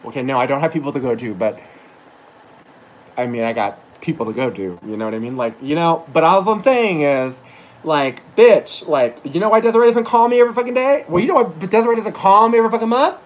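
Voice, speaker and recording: Rough audio captures a man with a high-ish voice speaking quickly as he rambles on a livestream. He's a psychic reader who's had a few drinks, swearing through a ranting monologue, occasionally tearful and stopping to fix what he just said.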